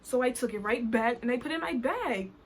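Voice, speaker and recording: A woman from New Jersey telling a story time vlog in an animated, colloquial way, full of "I was like". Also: a little high, brisk, a little hiss or hum. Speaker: vlogger.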